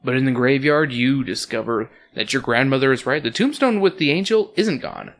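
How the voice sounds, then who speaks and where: A man's voice: mid-range voice, normal speed, a little hiss or hum. A man hosting a podcast, reading a story aloud with crude comedic asides. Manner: animated, joking, crude asides. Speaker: podcast host and reader.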